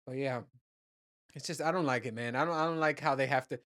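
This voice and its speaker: A man's voice: mid-range voice, quick pace, a bit bright. Casually ranting, profane man. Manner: profane, rambling, with many restarts and "you know"s. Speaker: podcast host. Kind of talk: casual solo podcast rant.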